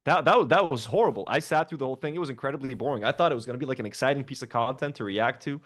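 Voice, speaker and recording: A man's voice: mid-range voice, racing, a bit bright. A man co-hosting a livestream, reacting in casual chat with lots of fillers and swearing. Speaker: livestream co-host.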